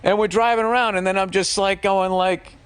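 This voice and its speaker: Foul-mouthed storytelling comedian, dry sound. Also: male voice, sits high, fairly quick, clean tone, dry recording. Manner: animated, swears a lot, rambles with fillers. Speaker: comedian telling a story on a podcast. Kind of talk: profane comic storytelling.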